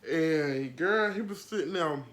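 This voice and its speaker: A woman's voice: low-pitched, a little slow. Sassy gossip-podcast woman. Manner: sassy, slangy, laughs often. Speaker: podcast host. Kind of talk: casual celebrity gossip chat.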